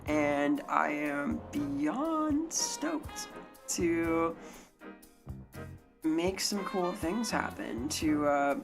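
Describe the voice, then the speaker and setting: A young adult woman streaming live, chatting casually with viewers and getting excitable and sweary when thanking them. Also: deep voice. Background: faint music.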